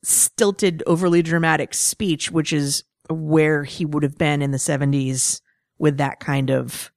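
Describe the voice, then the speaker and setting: Woman with a deep voice chatting comics, laughs a lot, dry sound. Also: steady tone, unhurried, gravelly, darkish tone, no echo. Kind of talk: casual comic book review chat.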